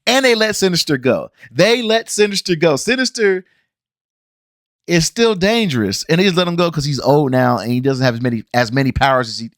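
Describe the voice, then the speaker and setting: Blunt ranting man, slightly high voice. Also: a little fast, no room sound, clean studio sound. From Cincinnati area, US. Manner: blunt, animated, exasperated ranting with slangy asides. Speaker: show reviewer and channel host. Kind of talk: casual ranting review vlog.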